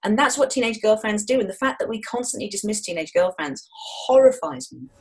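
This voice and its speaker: A woman in her forties, a guest in an interview, telling stories in a frank, jokey, lively way. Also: on the high side, a little fast, vocal fry. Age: 40s. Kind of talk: interview chat.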